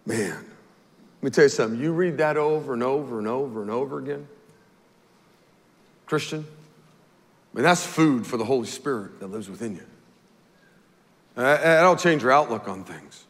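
A male pastor preaching a sermon in an animated, folksy way, with stammered restarts. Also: mid-range voice, moderate pace, pauses often. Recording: long hall reverb.

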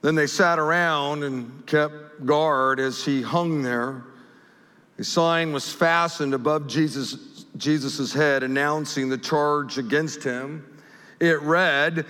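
A male pastor delivering a sermon at an unhurried pace, with a bright voice. He rises loud and emphatic when quoting scripture, then drops soft and slow as he reflects. The sound carries a long, roomy hall reverb. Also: fairly high pitch.

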